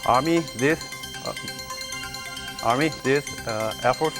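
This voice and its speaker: Halting, very slow male quiz contestant. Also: medium pitch, loud music behind the voice. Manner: halting, many fillers while searching for words. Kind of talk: giving clues in a speed quiz.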